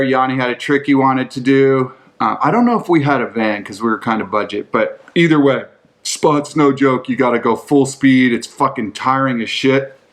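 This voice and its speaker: A man hosting a podcast, answering listener questions with casual, rambling storytelling, swearing often and filling his talk with "like". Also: medium pitch. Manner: profane, rambling, full of "like".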